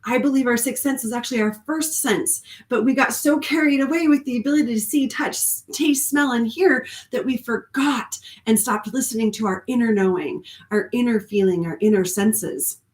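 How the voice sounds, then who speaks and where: On a live stream, a woman who works as a spiritual coach and card reader talks earnestly and rambles, peppering her speech with ums and small laughs. Her slightly high voice moves at normal speed with few pauses and sounds reverberant.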